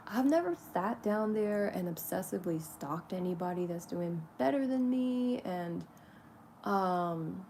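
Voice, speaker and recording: Talking to the camera for her spiritual vlog, this woman has a fairly low, expressive voice and speaks a little slowly, with slight background noise. She's candid and casual, swears freely, laughs a lot, and drops soft, loving asides to herself.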